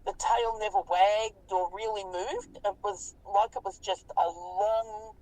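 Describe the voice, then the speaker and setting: A woman in her fifties with an Australian accent, telling a story in an animated, colloquial way and swearing freely. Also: mid-range voice, slow pace, distant mic, poor audio. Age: 50s. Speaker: interviewee recounting a sighting. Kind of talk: casual storytelling interview.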